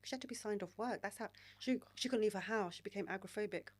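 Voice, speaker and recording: A woman in her forties, a podcast guest telling candid stories in an animated, frank way and swearing freely. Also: mid-range voice, fast. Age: 40s. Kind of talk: candid storytelling conversation.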